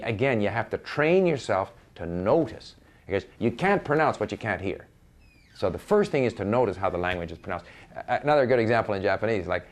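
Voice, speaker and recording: Older guy with a low voice chatting about learning languages, pitch moves around a lot, keeps restarting sentences. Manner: thoughtful, restarts sentences, spells out words. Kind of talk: conversational advice.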